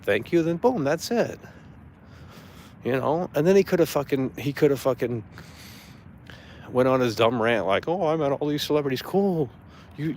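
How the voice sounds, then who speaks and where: A man rants angrily and curses without holding back, his voice sitting at an ordinary middle pitch. He talks in a loose, casual way and drops into mocking impressions of the person he is complaining about. A faint hum of ambience sits behind him. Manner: angry, profane ranting. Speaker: streamer. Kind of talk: casual ranting monologue.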